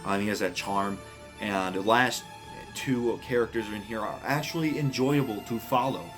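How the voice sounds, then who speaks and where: A man casually ranking horror films, speaking bluntly, swearing often and getting excited about what he likes. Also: fairly low pitch, moderate pace, over music. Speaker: movie reviewer. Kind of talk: casual film ranking monologue.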